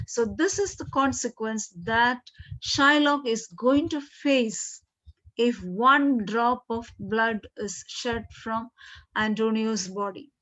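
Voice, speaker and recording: Slow, patient woman teacher explaining. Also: on the high side, a bit bright. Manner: slow explaining, frequent "okay" and throat clearing. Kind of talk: classroom literature lesson. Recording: dull lo-fi recording.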